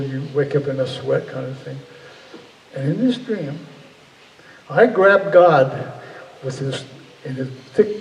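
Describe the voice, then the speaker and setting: Man, guest speaker, earnest and searching, mellow voice, heard from a distance in a roomy hall. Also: a little high. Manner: earnest, searching, frequent restarts. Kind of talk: reflective public talk. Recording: echoey hall from far off, faint ambience.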